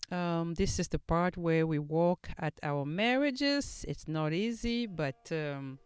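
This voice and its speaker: Woman podcast host, earnest and reflective, smooth voice, dry close sound. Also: on the low side, expressive, dry recording, soft background music. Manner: earnest and reflective, with halting restarts. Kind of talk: solo podcast talk.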